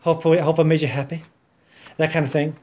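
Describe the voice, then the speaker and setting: A man's voice: fairly high pitch, level tone, normal speed, a little mellow. A man hosting his own podcast, chatting alone in a hyper, goofy, rambling way. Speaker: podcast host. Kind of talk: casual solo podcast chat.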